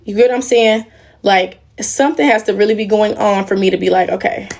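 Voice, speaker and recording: A woman's voice: medium pitch, steady tone, fairly quick, gravelly, a little mellow. A young woman on a casual livestream, talking emotionally and in a rambling way straight to her viewers. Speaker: livestream host.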